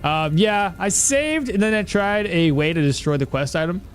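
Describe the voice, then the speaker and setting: Lively-voiced man streaming a game. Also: sits high, moderate pace, slight background noise. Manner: chatty, talks to himself and reads chat aloud. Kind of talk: casual live-stream chat while playing.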